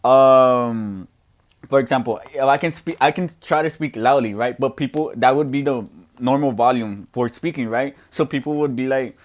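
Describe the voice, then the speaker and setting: Loud, earnest young deaf man. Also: medium pitch, normal speed. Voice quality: deaf speaker's voice. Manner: speaks loudly and earnestly, with many restarts. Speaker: student podcaster answering questions. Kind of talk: casual Q and A.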